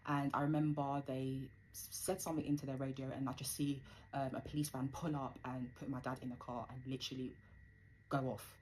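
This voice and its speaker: A woman's voice: extremely low pitch, flat delivery, brisk, a little mellow, a little hiss or hum, poor audio. A young woman telling a personal story in a rambling, conversational way with plenty of fillers.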